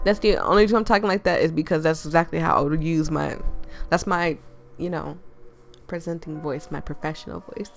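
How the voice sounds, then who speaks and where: A chatty woman with a deep, low-set natural voice and a drawl reacts out loud as she reads and plays a story game. She laughs often and talks straight to her viewers. Soft music sits under her voice. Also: steady tone, a little fast, creaky. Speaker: game streamer. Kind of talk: playing and reading a visual novel aloud.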